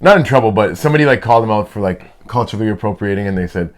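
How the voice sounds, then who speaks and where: A man's voice: on the low side, expressive, rapid-fire, a crowd in the background. A man hosting a podcast in casual chat, laid-back, teasing and profane. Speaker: podcast host.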